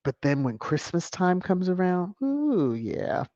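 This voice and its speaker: Animated host reading a live chat. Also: unhurried, no room sound. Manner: animated, with sudden high whoops and chuckles. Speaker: channel host. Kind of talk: casual livestream chat, reading viewer comments. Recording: dull, dry lo-fi audio.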